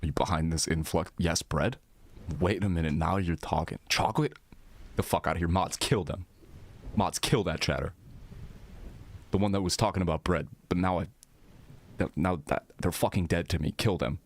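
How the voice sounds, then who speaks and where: A man's voice: sits low, fairly even intonation, normal speed, dry recording. A man live streaming in casual chat, rambling and swearing as he reacts to his viewers' messages.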